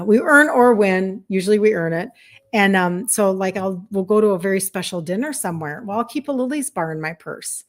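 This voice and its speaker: A woman in her fifties, a health coach, chatting casually on a live stream, reading out viewer comments and encouraging them with many fillers. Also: medium pitch. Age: 50s.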